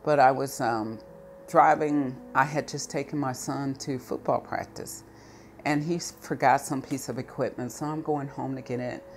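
A middle-aged woman recounting a personal story in an interview, animated and rising to anger as she recalls it. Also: extremely low pitch, moderate pace, slight background noise.

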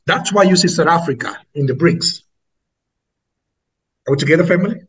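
A man's voice: on the high side, normal speed, fairly bright tone, husky, rough recording. A man with an Angolan accent preaching to an online audience, emphatic and repetitive, calling his listeners family.

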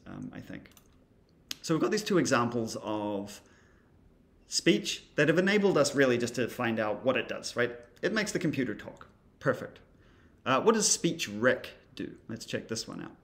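A man's voice: medium pitch, gravelly, a bit bright. A man teaching creative coding in a casual screen-recorded tutorial, thinking aloud as he demonstrates, with a wry, dry humor.

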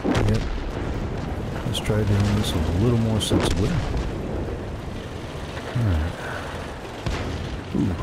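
A man's voice: lowish voice, slow, long pauses, heavy background noise. A man streaming a tank game, chatting wryly to himself about the match. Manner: wry, talks to himself while playing. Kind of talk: casual gameplay commentary.

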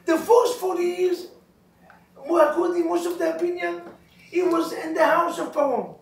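A high-pitched male rabbi teaches a couples class with animated stories, quizzing his listeners in broken English. His voice rings through a roomy hall and is picked up from far away. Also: normal speed. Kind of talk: lively teaching with jokes. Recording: roomy echo, recorded from far off.

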